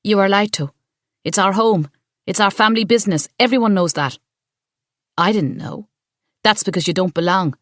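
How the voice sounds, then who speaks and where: A woman voicing a quick-tempered, protective young woman who speaks in sharp, blunt retorts. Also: medium pitch, no room sound, clean studio sound, close to an everyday voice. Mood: defiant.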